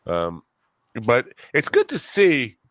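A man's voice: medium pitch, huge pitch swings, slow pace, a bit bright. A man with a Long Island New York accent, hosting a casual chat and talking in a rambling, thoughtful way. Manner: rambling, thoughtful, with restarts and a dropping tone.

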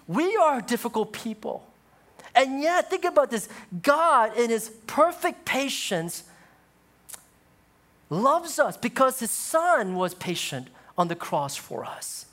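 A male pastor preaching a sermon, moving from loud, high exclamations to low, hushed passages.

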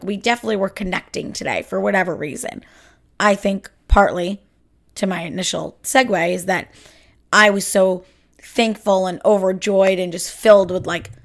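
Chatty woman podcaster with vocal fry. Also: mid-range voice. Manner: chatty, animated, lots of fillers. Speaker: podcast host. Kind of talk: casual solo podcast storytelling.

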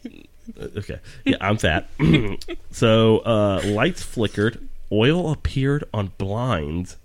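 A man's voice: fairly low pitch, very animated, slow pace. A man hosting a casual podcast chat, rambling and joking as he reads aloud from his notes with stumbles. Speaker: podcast host.

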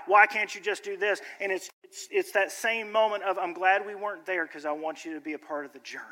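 This man speaks with a fairly high, fairly bright voice as a pastor delivering a sermon to his church. He begins conversational and full of jokes, then rises into emphatic appeals. The sound has a long church-hall reverb, fitting the sanctuary setting.

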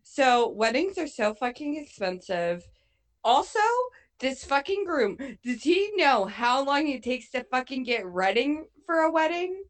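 A woman's voice: high-pitched, big pitch swings, measured pace. A woman recapping a movie in casual chat, swearing a lot and acting out her own reactions. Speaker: co-host.

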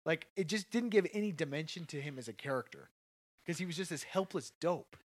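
A man co-hosting a podcast in a casual, animated movie discussion, laughing often and swearing casually. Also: a little high, a little fast, no room sound.

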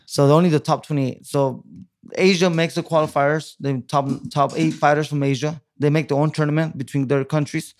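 A man's voice: fairly high pitch, fairly even intonation, normal speed, a little mellow. A man in his thirties from California, a guest telling his story casually in an interview, rambling with many restarts and fillers.

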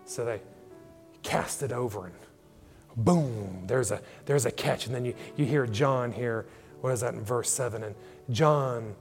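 A man's voice: medium pitch, unhurried, creaky. A male pastor preaching a sermon, dramatically acting out scripture dialogue. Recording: long hall reverb with faint music.

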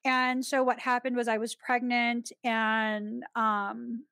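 A woman hosting a podcast, telling a personal story in a chatty, expressive way and often laughing. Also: on the high side, takes it slowly, gravelly, clean tone, no echo. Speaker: podcast host.

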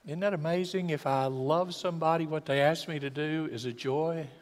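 An older man, preaching a folksy sermon that swells from quiet to loud and acts out voices. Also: a little high, moderate pace. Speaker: pastor. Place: church sanctuary. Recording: long church hall reverb.

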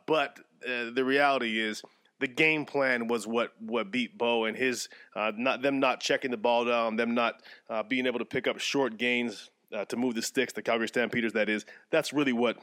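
A man co-hosting a sports podcast in casual chat, animated and jokey, breaking into mock play-by-play. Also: mid-range voice. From Canada. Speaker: podcast co-host.

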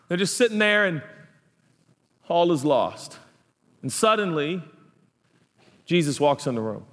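A man's voice: high voice, animated, measured pace, long pauses, fairly bright tone. A man preaching a sermon, telling the story with playful asides and acting out the people in it. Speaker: pastor. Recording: hall reverb.

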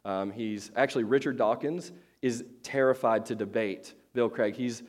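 A man's voice: medium pitch, moderate pace. A male pastor preaching a casual, chatty sermon to his congregation, joking at his own expense and restarting sentences often with many fillers.

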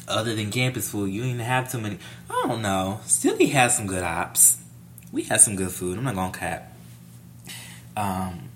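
A young adult man vlogging a casual storytime, animated and profane, playing up every scene. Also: on the low side, slight background noise.

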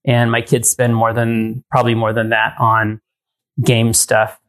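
A man's voice: mid-range voice, monotone, unhurried, fairly bright tone. A man hosting a casual tech podcast who thinks aloud, with frequent ums and restarts. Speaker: podcast host.

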